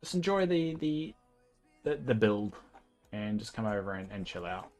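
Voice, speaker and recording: A man's voice: fairly low pitch, big pitch swings, moderate pace, a little mellow, faint music behind. A young man with a New Zealand accent, chatting casually as a livestreamer while he plays a game and thinks aloud with plenty of fillers.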